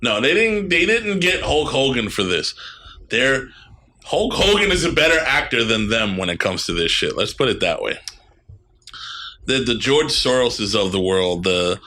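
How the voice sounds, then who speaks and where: With a medium-pitched, very animated, sharp voice at a moderate pace, a thirtysomething man co-hosts a casual podcast. His chat is blunt and ranting, and he curses freely.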